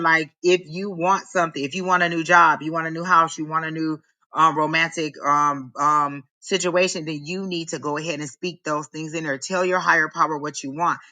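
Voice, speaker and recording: A man with a higher-than-usual, very bright, ringing voice gives a live psychic reading. He is emphatic and preachy, repeating his points over and over, and the sound is dry and close. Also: no room sound, low-quality recording. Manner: emphatic, repetitive, preachy encouragement. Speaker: psychic reader.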